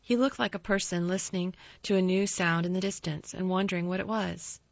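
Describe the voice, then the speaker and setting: A woman narrating a storybook in a calm, measured way with small restarts, in a slightly dull, dry recording. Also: on the low side, gravelly, dry recording. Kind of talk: storybook reading.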